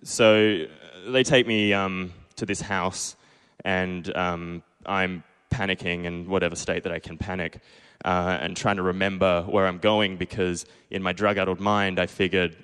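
Young australian man, lowish smooth voice, self-deprecating live storytelling, long reverb of a pub stage. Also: steady tone, measured pace, a bit bright. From Perth, Australia. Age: 20s. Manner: self-deprecating, acts out his own past lines.

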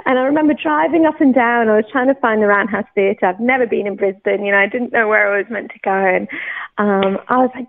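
Woman from the UK, faith testimony, fairly high voice, animated and laughing, thin phone-like radio sound. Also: moderate pace. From United Kingdom. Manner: animated, laughing often, many restarts. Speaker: guest sharing testimony. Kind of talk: personal faith testimony, casual storytelling. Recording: narrow phone-like radio audio.

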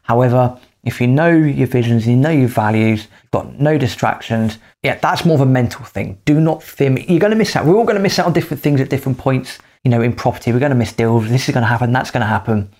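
A man co-hosting a podcast, giving emphatic advice in casual chat with quick bursts of speech. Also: mid-range voice, darkish tone. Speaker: podcast co-host.

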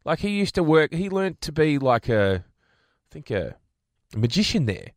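A man's voice: fairly high pitch, big pitch swings, unhurried, no room sound, studio quality. A man hosting casual breakfast radio, telling rambling stories with chuckles. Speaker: radio host. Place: radio studio. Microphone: studio microphone.

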